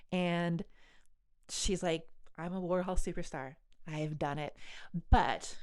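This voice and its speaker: Woman host, low-ish voice, smooth and dry; chatty storyteller who acts out quotes. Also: dry recording. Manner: chatty, animated, lots of fillers and voiced quotes. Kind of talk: casual storytelling.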